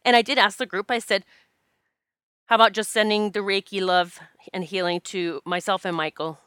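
A woman who does Reiki recounts a personal experience in a casual, candid, emotional manner, animatedly acting out what people said, herself included. Her mid-range voice has a clean tone and moderate pace, and the clean studio sound has no room sound.

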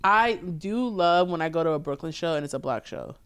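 A woman comedian appears as a guest on a casual podcast, animatedly telling stories, swearing freely and acting out what audiences said to her. Her voice is on the low side, brisk and smooth. The audio is studio quality with no echo.

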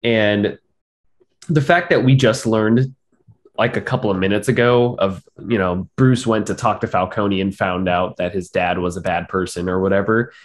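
A man with a fairly low voice, talking casually on a film review podcast. He is blunt and sarcastic, and his sentences are full of fillers and restarts. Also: fairly even intonation, normal speed.

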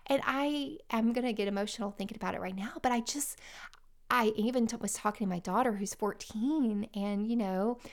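A woman's voice: on the high side, a little fast. A woman, chatting heartfelt and casual as a vlogger, often restarting her sentences. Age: late 30s. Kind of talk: casual personal chat.

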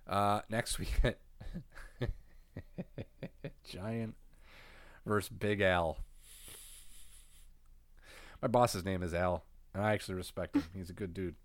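A man's voice: deep voice, steady tone, slow, long pauses, dry recording. A man co-hosting a casual recap chat, laid-back and swearing freely, getting over a cold. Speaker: podcast co-host recapping wrestling.

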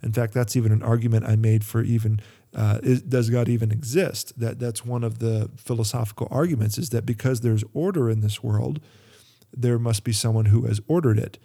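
A man's voice: mid-range voice, steady tone, fairly quick, creaky, warm tone. A man talking in a casual, rambling monologue, full of fillers and restarts, as a Christian podcaster.

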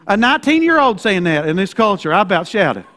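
A male pastor preaching a sermon in a folksy, emphatic way, checking in with "right?" and slowing down to read scripture. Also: high-pitched, sing-song, bright, forceful tone. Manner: slows down to read scripture deliberately.

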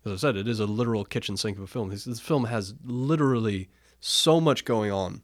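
A man's voice: on the low side, brisk, no echo, clean studio sound. A man co-hosting a casual film podcast, opinionated, often restarting his sentences. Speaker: podcast co-host.

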